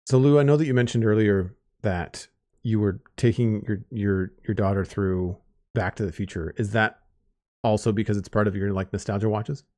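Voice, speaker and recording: A man's voice: lowish voice, moderate pace, dark tone. A man hosting a podcast roundtable, chatting casually and rambling with lots of restarts. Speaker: podcast host.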